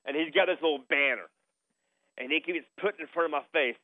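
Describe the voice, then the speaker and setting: A man's voice: fairly high pitch, fast talker. A middle-aged man hosting a sports radio show, telling a story in a casual chat and repeating himself as he goes. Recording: phone-like radio broadcast sound.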